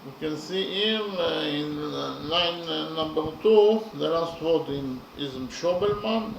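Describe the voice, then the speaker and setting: A man giving a lesson on poetry in a slow, deliberate way, counting syllables aloud, with frequent fillers. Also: fairly high pitch, vocal fry. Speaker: lecturer on poetry. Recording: echoey room with audible background noise.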